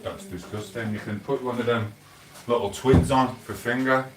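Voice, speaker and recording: A man's voice: mid-range voice, steady tone, moderate pace, background noise. A man, chatting and rambling through stories on a live stream, quoting back-and-forth conversations. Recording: echoey room, voice a bit far from the mic.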